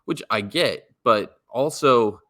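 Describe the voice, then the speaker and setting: Bright-voiced man rambling on a sports podcast. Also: mid-range voice, takes it slowly. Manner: rambling, emphatic, many fillers and restarts. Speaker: podcast co-host. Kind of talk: casual sports podcast chat.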